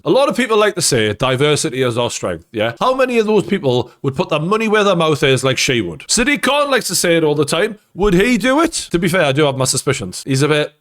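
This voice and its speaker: A man's voice: on the high side, a bit bright. A man with a Geordie accent hosting a reaction commentary, irreverent and crude, wandering off into jokey asides. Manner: chatty, with many tangents. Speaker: host of a commentary channel.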